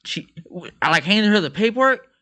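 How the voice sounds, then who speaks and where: A man's voice: sits high, very animated, brisk, sharp tone. A man co-hosting a podcast, telling a story casually with slang and frequent laughter. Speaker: podcast co-host.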